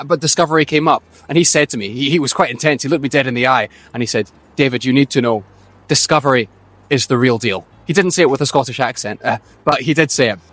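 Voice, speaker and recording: A young man hosting a book channel, chatting eagerly about his reading plans outdoors, loud into the mic with tinny audio. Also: fairly high pitch. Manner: chatty, enthusiastic, quick-talking. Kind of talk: casual book talk to camera.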